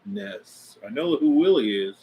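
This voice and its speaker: A man off to the side of the microphone, chiming into a casual livestream with quick joking asides and interjections. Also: medium pitch, muffled recording, a little hiss or hum. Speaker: companion chiming in off-camera. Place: indoors at a hobby shop. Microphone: away from the microphone.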